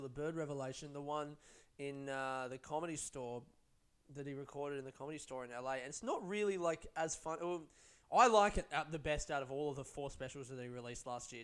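A man's voice: mid-range voice, clean tone. A young man, a comedian, chatting casually and telling rambling, profane stories. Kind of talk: casual vlog chat.

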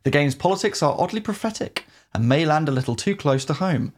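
A man's voice: on the high side, animated, brisk. A man co-hosting a casual gaming podcast, wry and opinionated, sometimes reading out a review, often laughing. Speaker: podcast co-host. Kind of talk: casual gaming chat, partly read review.

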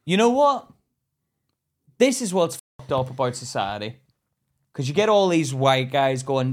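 A man's voice: mid-range voice, sing-song, measured pace, long pauses. A man co-hosting a podcast, arguing his point bluntly in casual banter and swearing freely. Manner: argumentative, blunt, swears a lot. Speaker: podcast co-host.

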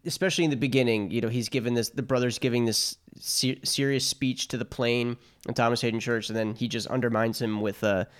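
A man co-hosting a casual podcast chat, giving measured opinions with soft laughs. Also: medium pitch, fairly even intonation, clean tone. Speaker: podcast co-host.

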